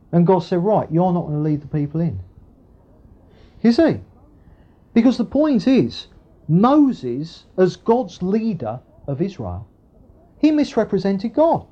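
Male preacher with a mellow tone and a lively, rising-and-falling delivery. Chatty sermon style with plenty of asides, on a dull lo-fi recording. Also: sits high. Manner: conversational, with frequent asides and tag questions. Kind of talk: sermon with Bible reading.

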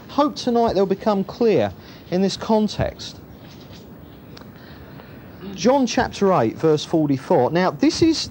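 Man preaching, lively swooping pitch, loud then quiet asides, faint rumble behind. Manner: animated, swings from loud emphasis to low asides. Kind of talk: sermon, Bible teaching.

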